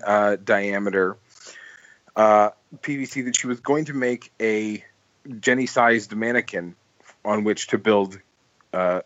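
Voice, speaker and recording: A man's voice: medium pitch, dry recording. Podcast host, man, rambling storyteller, dry slightly dull recording. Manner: rambling, full of "like" and restarts, laughs while telling stories. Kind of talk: casual storytelling chat.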